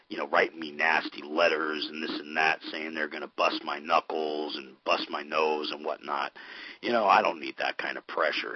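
A man hosting a casual radio show, rambling with lots of fillers in a gruff manner. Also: deep voice. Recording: dull lo-fi recording.

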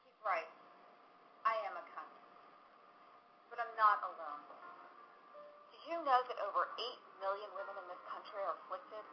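A woman's voice: medium pitch, moderate pace, pauses often, slight background noise, natural voice. A woman voicing a parody public-service announcement in a solemn, pleading tone. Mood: earnest. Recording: dull lo-fi recording. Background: music.

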